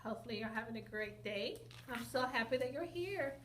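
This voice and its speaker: A woman teacher reading a picture book aloud to children, expressive and asking them questions. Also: fairly high pitch, fairly quick, hardly any pauses. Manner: expressive, asks listeners questions, sound effects. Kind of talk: children's read-aloud lesson. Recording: echoey room with faint noise.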